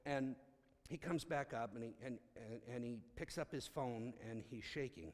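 A man's voice: mid-range voice, moderate pace. A man telling a story aloud, acting out the dialogue with lots of restarts. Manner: animated, acts out dialogue, frequent restarts. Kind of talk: storytelling talk. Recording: long hall reverb.

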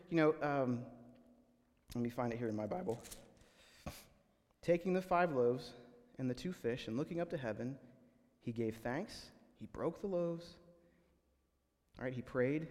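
A man's voice: medium pitch, darkish tone, big-room sound. A man preaching a sermon as a pastor, conversational and full of restarts, acting out the people he quotes.

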